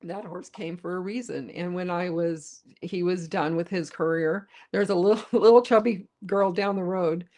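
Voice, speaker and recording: A woman co-hosting a podcast, telling personal stories in a relaxed, rambling way. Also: lowish voice, moderate pace, hardly any pauses. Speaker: podcast co-host. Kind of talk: casual podcast chat.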